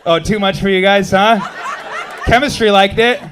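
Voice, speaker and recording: Animated stand-up comedian, high voice. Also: male voice, a little hiss or hum. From United States. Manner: animated, punchy delivery with shouted bits and quick asides to the crowd. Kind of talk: stand-up set with crowd work.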